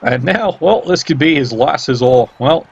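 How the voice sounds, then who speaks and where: A man's voice: fairly high pitch, expressive, moderate pace, creaky, husky, highs cut off. A man giving casual play-by-play game commentary, sardonic and teasing, swearing freely.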